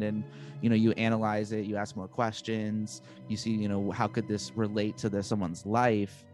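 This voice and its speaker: A man's voice: lowish voice, little pitch movement, a little fast, darkish tone, soft background music. A man hosting a podcast, asking eager, chatty questions in a casual interview. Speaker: podcast host.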